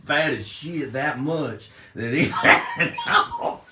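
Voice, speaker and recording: A man rambling through a silly comedic monologue, often breaking into high giggling fits. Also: takes it slowly, bright, forceful tone. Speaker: comedic video maker.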